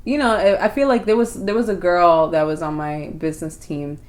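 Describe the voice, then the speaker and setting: Lively woman telling a love story. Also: on the low side, a little fast. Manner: animated, acts out quotes. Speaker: podcast co-host. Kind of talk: casual storytelling chat.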